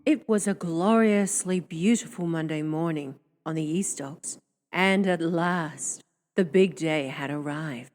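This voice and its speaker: Lower-pitched woman narrating audiobook. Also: unhurried, a little mellow. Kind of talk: scripted narration.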